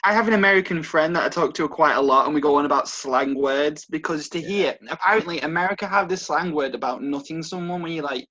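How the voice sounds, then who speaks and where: A man's voice: fairly high pitch, quick pace, few pauses, sharp tone, highs cut off. A young man from England with an English accent, chatting casually and telling funny anecdotes. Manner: chatty, tells anecdotes, swears. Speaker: participant. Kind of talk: casual chat.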